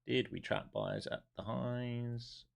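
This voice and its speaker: A man's voice: mid-range voice, wildly swooping pitch, slow pace, gravelly. A man live-streaming his day trading who talks bluntly, swears freely and fires questions at his viewers before answering them himself. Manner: wound up and emphatic.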